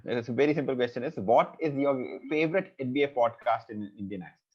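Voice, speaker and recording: A man hosts a casual podcast with a playful, joking manner. His voice sits at an everyday pitch, and he leans on "uh" fillers as he wraps up. The sound is dull and lo-fi. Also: quick pace, husky. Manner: playful, jokey, frequent "uh" fillers. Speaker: podcast host.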